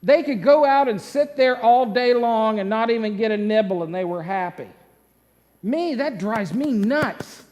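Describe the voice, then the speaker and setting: A man preaching a sermon in a church, telling a story with lively questions to the congregation. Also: high-pitched, a little slow. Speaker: pastor. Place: church sanctuary. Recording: long church-hall reverb.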